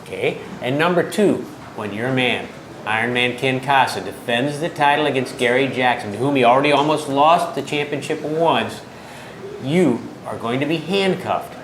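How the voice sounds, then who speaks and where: A man interviewing wrestlers for a wrestling TV show, asking measured questions. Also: mid-range voice, fairly bright tone, slight background noise. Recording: echoey room.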